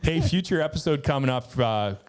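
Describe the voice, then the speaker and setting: A man's voice: a little high, animated, fairly quick. A man hosting a podcast in casual chat, talking in an upbeat, rambling way with many fillers. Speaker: podcast host.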